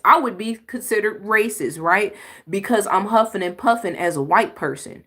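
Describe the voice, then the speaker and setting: A woman's voice: mid-range voice, normal speed, fairly bright tone. A woman hosting a reaction video, giving blunt, emphatic commentary on clips with sighs and exclamations.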